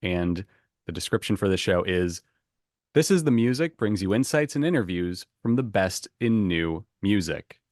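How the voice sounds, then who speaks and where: A man hosting a podcast quiz game, chatty and quick to laugh as he reads out the options. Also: low-pitched, lively intonation, darkish tone, dry recording, clean studio sound. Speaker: quiz host.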